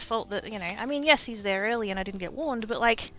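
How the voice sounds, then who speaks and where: Bright-voiced Australian woman, rambling chat. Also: a little high, sing-song, fast talker, hardly any pauses, dull audio, faint music behind. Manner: rambling, swears freely, self-deprecating. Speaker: livestreamer. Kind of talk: casual chat.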